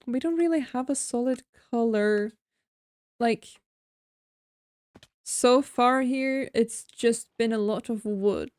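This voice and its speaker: A woman streamer talks through her building in an unhurried, leisurely way, musing out loud and teasing herself. Her voice sits a little high, and the sound is close and dry, with no room in it. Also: clear, resonant tone, no room sound. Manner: chatty, self-mocking, thinking aloud while building. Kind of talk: casual gameplay commentary.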